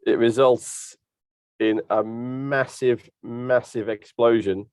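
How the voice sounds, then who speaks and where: A man's voice: mid-range voice, fairly even intonation, takes it slowly, darkish tone, smooth, no room sound. A man as a podcast guest in a casual chat, telling absurd jokes with a laugh.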